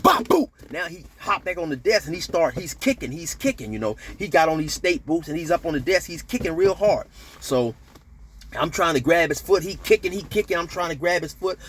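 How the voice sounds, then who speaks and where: A man casually telling a prison story to camera, animated, with slang and shouted sound effects. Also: a little high, slight background noise. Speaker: storyteller recounting prison life.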